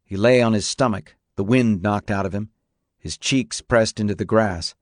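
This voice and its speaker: A man narrating a story in a steady, measured audiobook reading. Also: fairly low pitch, no echo, clean studio sound.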